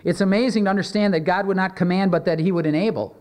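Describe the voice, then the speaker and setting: A man delivers a sermon in a somewhat high voice, earnest and measured, leaning into slow, emphatic readings of scripture. His voice rings out with a long reverb, recorded in a church sanctuary. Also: fairly even intonation, darkish tone. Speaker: pastor.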